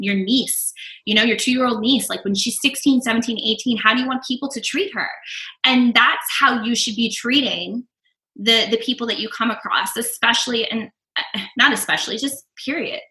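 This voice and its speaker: A woman's voice: on the high side, bright, forceful tone. A woman guest talking poker in a casual podcast chat, emphatic and blunt, swearing freely. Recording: roomy echo.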